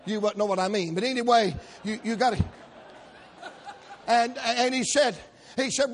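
A man, a preacher telling a folksy story in a sermon, with sudden shouted peaks. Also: very high voice, lively intonation, normal speed.

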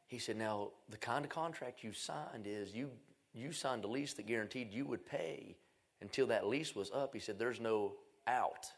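Gravelly preacher man telling a story. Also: mid-range voice, normal speed. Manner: folksy, self-mocking, swings from loud to hushed. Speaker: evangelist. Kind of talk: storytelling revival sermon.

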